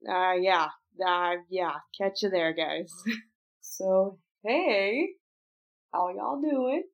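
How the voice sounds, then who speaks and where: Gravelly woman podcaster flubbing takes. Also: mid-range voice. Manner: laughing, apologetic, keeps restarting lines; breaks off to retry story lines. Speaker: podcast host. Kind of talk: casual podcast outtakes.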